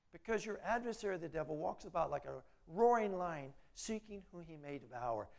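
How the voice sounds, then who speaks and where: A middle-aged man preaching a sermon, rising loud on his exhortations and dropping quiet and low when he voices inner doubts. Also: lively intonation, normal speed, gravelly, hardly any pauses. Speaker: pastor.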